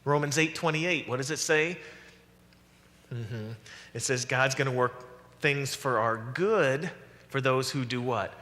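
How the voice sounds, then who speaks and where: Pastor guy preaching, bright voice, echoey church hall. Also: mid-range voice, normal speed. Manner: animated preaching, acts out voices of God and the prophets. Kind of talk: sermon. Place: church sanctuary.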